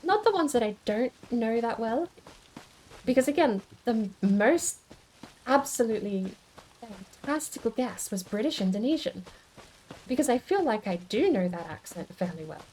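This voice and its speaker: A woman's voice: on the high side, expressive, normal speed, a little mellow, slight background noise. Chatty musing woman streamer. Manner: chatty and musing, with many restarts; answers chat comments aloud. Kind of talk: casual stream chat.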